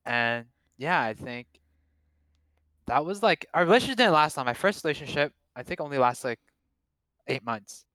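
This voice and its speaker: A man's voice: on the high side, lively intonation, normal speed, long pauses, bright, forceful tone, dry recording. A young man chatting casually about his past relationships, joking and rambling with many fillers and restarts. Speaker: guest.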